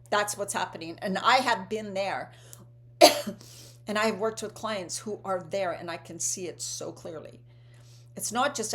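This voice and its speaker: A woman's voice: medium pitch, fairly bright tone, slight background noise. A woman in her fifties giving an earnest motivational talk as a wellness coach, often checking in with "right?".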